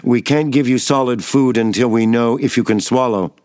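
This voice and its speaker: A man's voice: mid-range voice, normal speed, a little mellow, dry recording, studio quality, lightly acted. A man reading the plain, businesslike lines of a female hospital staffer in a memoir. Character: brisk, matter-of-fact female hospital staffer.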